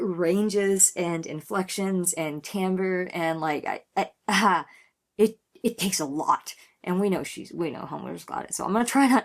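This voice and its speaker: A woman's voice: fairly low pitch, vocal fry. A woman in her thirties hosting a music reaction video, chatting casually and effusively with lots of "like" fillers. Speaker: reaction channel host.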